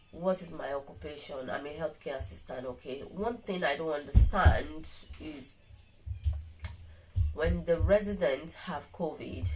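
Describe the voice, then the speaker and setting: A woman's voice: low-pitched, a little mellow, low-quality recording. Weary woman rambling through a sick-day vlog. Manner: rambling, repeats words and restarts often. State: weak and tired from illness. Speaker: vlogger. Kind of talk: casual vlog monologue.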